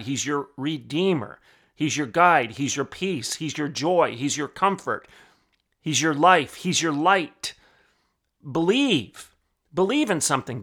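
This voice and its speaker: A man's voice: a little high, bright, forceful tone. A man hosting a podcast, preaching in emphatic, repetitive declarations. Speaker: podcast host.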